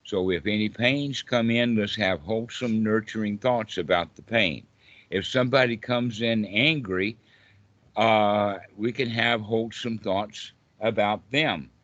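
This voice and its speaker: An older man speaks as a meditation teacher in an informal talk, calm and unhurried. His tone stays reassuring throughout. The recording sounds a little dull and lo-fi. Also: on the low side, no echo.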